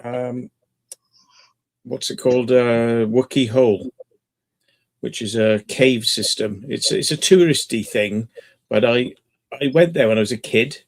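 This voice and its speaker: A man's voice: mid-range voice, measured pace, gravelly, long pauses. Chatty man, rambling storyteller. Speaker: channel host. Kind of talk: casual chat.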